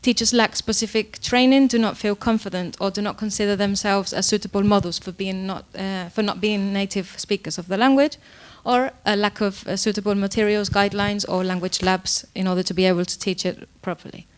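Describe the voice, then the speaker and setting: A woman lecturer presents to an audience in a clear, smooth voice. She explains at an even pitch, often pausing on fillers and correcting herself mid-sentence. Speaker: university lecturer. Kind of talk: academic presentation.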